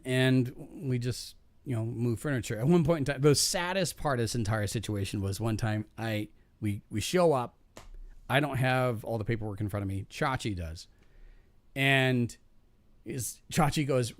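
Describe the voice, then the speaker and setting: A man's voice: medium pitch, moderate pace, dry recording. A man in a casual podcast chat, telling profane, rambling stories from his jobs with frequent restarts and laughing at his own punchlines.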